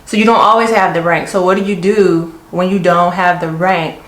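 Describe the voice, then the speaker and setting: A middle-aged woman, an Army senior NCO, tells stories while doing her makeup, her manner casual, chatty and firm. Her voice is low with a steady tone and moderate pace, recorded in an echoey room.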